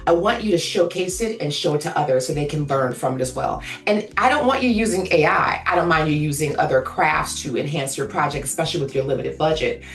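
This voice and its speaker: A woman's voice: low voice, expressive, brisk, hardly any pauses, echoey room, far from the mic. A woman speaking as a guest actress in an interview, emphatic and outspoken, sometimes acting out voices. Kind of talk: animated interview talk.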